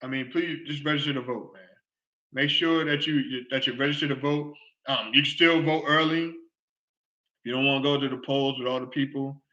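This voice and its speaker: The host of a live online sports and culture show rants to his live audience in a steady, brisk voice with a sharp tone, though the audio is dull. He speaks loosely and repetitively, exclaims often, and plays out scenes in a falsetto shriek.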